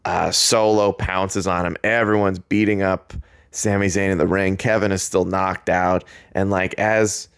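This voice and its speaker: A man hosting a podcast, excitedly recapping a wrestling segment in a chatty way, with lots of "like" and quick laughs. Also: sits low, smooth, no echo, studio quality. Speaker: podcast host.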